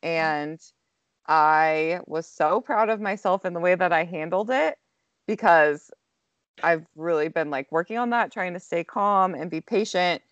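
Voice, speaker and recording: Chatty young mom, dry dull sound. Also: female voice, lowish voice, unhurried, no room sound. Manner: chatty storytelling, many "like" fillers. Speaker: co-host, mother. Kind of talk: casual podcast chat.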